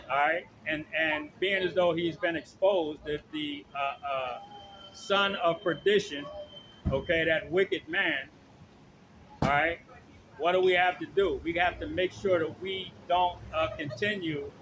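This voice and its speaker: A slightly high-voiced man preaches outdoors in a loose, rambling way, reading verses and then breaking into profane asides. He keeps checking in with "okay?" and "all right?". Faint traffic noise sits behind him. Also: fairly bright tone, low-quality recording. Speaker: street preacher. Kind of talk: informal preaching with scripture reading.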